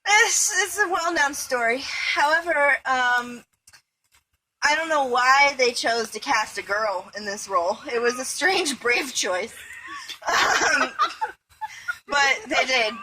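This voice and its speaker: A woman's voice: sits high, takes it slowly, noisy background. A young woman retelling a film plot to her friends, rambling and irreverent, with swearing and lots of fillers. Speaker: storyteller among friends. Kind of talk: casual comedic plot retelling.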